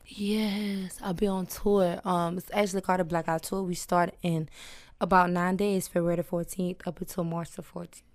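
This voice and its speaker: A young adult woman rapper telling lively stories with plenty of cursing in a casual interview. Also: on the low side, moderate pace, no room sound, studio quality. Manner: lively, profane storytelling with laughs.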